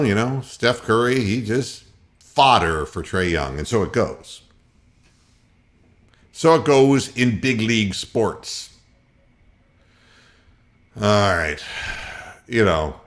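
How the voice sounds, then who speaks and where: Male sports radio host, sarcastic profane ranter, lively pitch, bright tone. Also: slow pace, long pauses. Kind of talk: ranting sports commentary.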